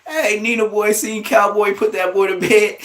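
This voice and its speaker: A man hosting a livestream, giving blunt, profane, trash-talking commentary in an excitable way. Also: high voice, moderate pace. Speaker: livestream host.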